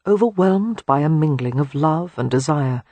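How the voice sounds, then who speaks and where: An audiobook narrator reading a romance novel in a soft, hushed, unhurried way. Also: mid-range voice, lively intonation, no echo.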